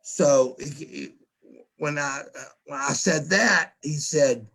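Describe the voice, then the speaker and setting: A man's voice: a little high, slow pace, vocal fry, fairly bright tone, slightly rough. A man, a podcast guest, telling a story casually, swearing often, stumbling over repeated words and acting out what others said. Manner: profane, repeats words, acts out quoted lines. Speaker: podcast guest, former wrestler.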